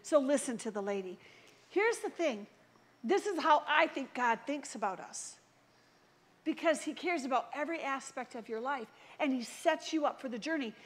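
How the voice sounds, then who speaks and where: High-voiced woman preaching with lively storytelling. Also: normal speed. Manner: animated storytelling, acts out quoted voices. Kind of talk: sermon. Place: church.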